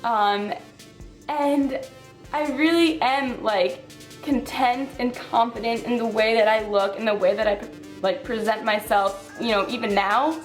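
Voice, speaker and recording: A woman's voice: a little high, steady tone, a little slow, faint music behind, low-quality recording. A woman in her twenties talks through a personal vlog, on the verge of tears, heavy on "like" and "um". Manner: heartfelt, filler-heavy talk with frequent "like" and "um". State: tearful, on the verge of crying. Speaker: fitness vlogger.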